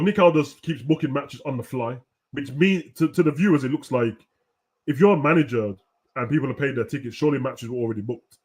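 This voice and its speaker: A young man hosting a casual, animated wrestling rant full of slang, at times breaking into shouts. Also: medium pitch. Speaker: host. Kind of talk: casual ranting commentary.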